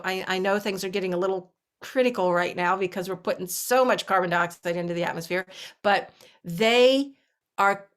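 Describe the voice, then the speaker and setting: Middle-aged woman telling a story in an interview, voice jumping up and down, acts out the people she meets. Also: lowish voice. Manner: animated, acts out voices in her story, many restarts. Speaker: herbalist guest.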